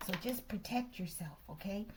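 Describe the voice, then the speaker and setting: A woman's voice: mid-range voice, lively intonation, normal speed. Woman, tarot reader, casual chat, half-whispered asides, faint background hiss. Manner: chatty, slips into whispers, says "okay" constantly.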